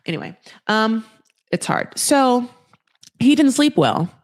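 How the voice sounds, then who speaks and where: A woman's voice: on the high side, very animated, takes it slowly, dry recording. A woman hosting a podcast, recapping a reality TV show in a chatty, sarcastic, freely swearing way with plenty of fillers. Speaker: podcast host.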